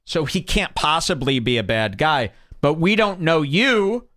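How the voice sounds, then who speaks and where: A man's voice: a little high, very animated, measured pace, a bit bright. A man hosting a podcast, reacting to clips with heated, emphatic, scornful commentary. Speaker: podcast host.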